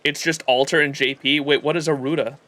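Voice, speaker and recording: A man streams a game live, his slightly high voice brisk, pushed and bright, with fairly even intonation. He reacts casually and thinks aloud during the gameplay commentary, swearing loosely and stumbling into restarts.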